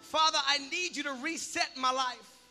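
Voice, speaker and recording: A man preaching a sermon, shouting in bursts and then dropping to quiet prayer. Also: very high-pitched, moderate pace. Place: church hall. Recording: long hall reverb with music behind.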